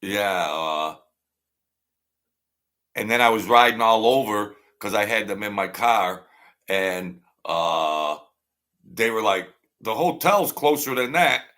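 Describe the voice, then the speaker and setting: A man's voice: on the low side, slow, pauses often, pushed and bright. A man hosting a casual livestream, telling meandering stories that trail off and restart. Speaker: livestream host. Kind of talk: rambling casual storytelling.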